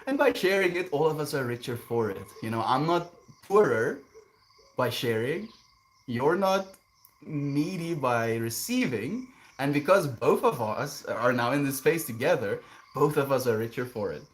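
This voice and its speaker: A man streaming live, reading viewer comments aloud and answering them in a relaxed, chuckling way, sometimes drifting into gentle musings. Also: medium pitch, measured pace. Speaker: livestreamer reading chat. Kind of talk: casual livestream chat.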